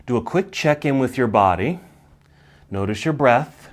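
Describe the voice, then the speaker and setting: A middle-aged man teaching a yoga class, calmly cueing poses and breaths, slightly out of breath. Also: medium pitch, a little slow. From United States. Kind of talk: guided yoga class instruction.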